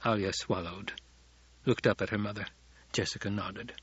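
A man narrating an audiobook in a calm, even read. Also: fairly low pitch, moderate pace, slightly rough, highs cut off. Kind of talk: scripted narration.

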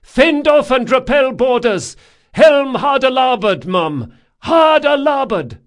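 A man voicing a fierce woman ship captain who shouts orders in battle. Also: extremely high pitch, lively intonation, slow, pitched above the performer's own voice, full character voice. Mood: shouting. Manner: shouted commands.

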